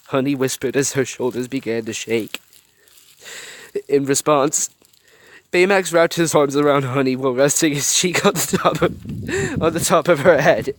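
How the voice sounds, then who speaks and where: A man's voice: medium pitch, expressive, normal speed. Man reading a fan story aloud. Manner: earnest, chatty asides. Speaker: story reader. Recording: clear background noise.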